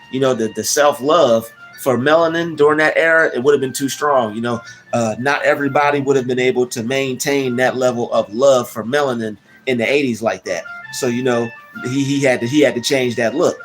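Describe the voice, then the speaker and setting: A man hosts a casual livestream, reading the chat and rambling with many restarts and slang fillers. His voice is medium-pitched and fairly quick, with soft music in the background.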